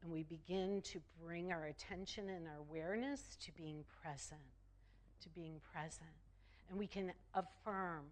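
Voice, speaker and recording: A woman minister delivering a sermon, slow and emphatic, repeating phrases for effect. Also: lowish voice, slight background noise.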